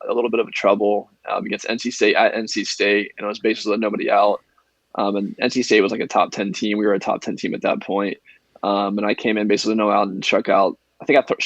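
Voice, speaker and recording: Low gravelly young man telling stories. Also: no echo, low-quality recording. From Indiana. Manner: relaxed, filler-heavy storytelling with many ums. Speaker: guest, professional baseball pitcher. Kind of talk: casual podcast storytelling.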